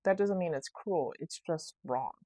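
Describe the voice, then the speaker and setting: In a warm, low-pitched, expressive voice, a woman unhurriedly reflects on her week for her solo podcast, drifting around and correcting herself mid-sentence. No echo is present.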